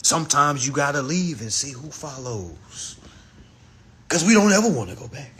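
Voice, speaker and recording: Speaking directly to his livestream viewers, a man delivers an animated monologue that's profane and emphatic, sometimes mimicking other people's voices. His voice sits a little high, a bit bright, very animated, at a normal speed.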